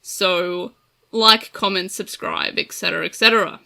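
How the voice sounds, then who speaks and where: A woman's voice: mid-range voice, fairly even intonation, normal speed, vocal fry, pushed and bright. A woman with an Australian accent, talking casually as the host of a podcast, chatty and self-deprecating.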